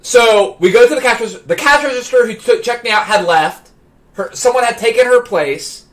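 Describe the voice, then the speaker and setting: A man on a live stream telling a story from his childhood, excitable, stumbling over restarts and working up to shouts. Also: very high-pitched, brisk. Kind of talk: animated anecdote telling.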